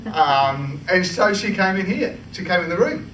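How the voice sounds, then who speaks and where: A man's voice: sits high, expressive, normal speed, a bit bright. An Australian man giving a speech at a club meeting, telling a humorous personal story in a chatty way, restarting often and laughing. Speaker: club speaker. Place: meeting room. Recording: roomy hall, from far off, with noise.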